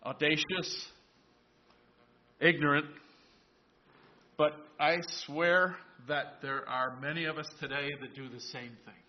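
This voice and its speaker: A high-voiced man preaching a sermon in a church, recorded with a dull, lo-fi sound. He retells a Bible story in a conversational way and stops to ask the congregation questions. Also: moderate pace, few pauses, a little hiss or hum. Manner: storytelling, voices biblical characters in asides. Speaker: pastor.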